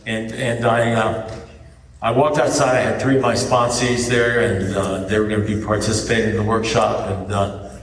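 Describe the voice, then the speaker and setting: A man's voice: lowish voice, normal speed, far from the mic, a little hiss or hum. Man telling his story in an echoey hall. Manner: storytelling with animated quoted dialogue. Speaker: recovery meeting speaker. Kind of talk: personal testimony talk. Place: church hall. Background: faint audience laughter.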